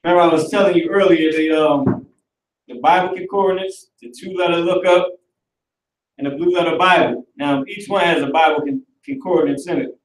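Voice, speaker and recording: A man teaching an online Hebrew class in a casual, animated way, talking aloud as he works through the screen. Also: fairly high pitch, normal speed. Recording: roomy recording from far off the mic.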